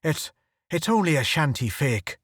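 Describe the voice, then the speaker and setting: A man reading a storybook audiobook, voicing a big, gruff, brash male photographer with a blunt manner. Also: a little high, big pitch swings, a little slow, a bit bright, dry recording, clean studio sound, exaggerated voice.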